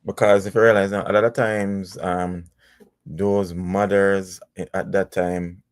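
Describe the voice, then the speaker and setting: Man, low voice, dry close sound, halting casual chatter. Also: level tone, clear, resonant tone, dry recording. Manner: halting, repeats words, agrees often. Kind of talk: casual chat.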